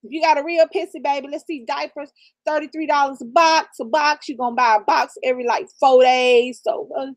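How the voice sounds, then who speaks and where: This channel co-host speaks a little fast in a high-pitched voice with fairly even intonation. Raised in the American South and middle-aged, she gives blunt, profane advice on a casual live stream, mixing preachy real talk with laughter.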